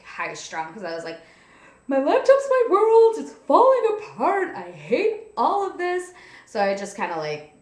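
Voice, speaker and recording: A woman's voice: lowish voice, gravelly. Chatty, frustrated young woman, roomy sound. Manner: chatty, frequent "like" fillers, frustrated and cranky. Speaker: vlogger. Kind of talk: casual venting vlog. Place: at home, seated with a cat on her lap.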